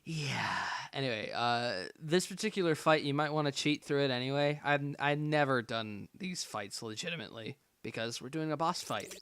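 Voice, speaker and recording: A man doing casual gameplay commentary as a let's play host, excitable, sarcastic and self-mocking. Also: mid-range voice, normal speed, few pauses, clean tone, no echo.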